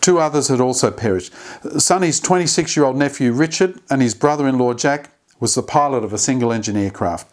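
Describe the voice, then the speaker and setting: A man's voice: mid-range voice, brisk. Earnest man giving a devotional talk. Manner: earnest, with small slips and restarts. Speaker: host of a short daily devotional. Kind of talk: devotional talk retelling a story.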